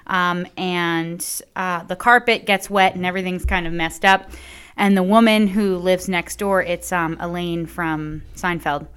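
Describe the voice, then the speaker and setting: A woman's voice: fairly low pitch, fairly even intonation, a little slow, fairly bright tone, clean tone. A woman co-hosting a podcast, chatting casually with many filler words and light laughs. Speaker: podcast co-host. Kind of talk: casual chat.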